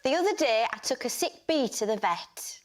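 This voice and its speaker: A woman tells a strange story in a deadpan, matter-of-fact way, her voice sitting a little high. Loud noise from the studio runs underneath. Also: normal speed. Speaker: comedian panellist. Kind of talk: telling a comic anecdote. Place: TV studio with live audience.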